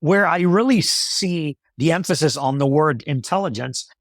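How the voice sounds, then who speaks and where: Business interview guest: man, fairly high voice, dry close sound, halting with frequent fillers. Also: no room sound. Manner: measured, many fillers and restarts. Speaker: company executive guest.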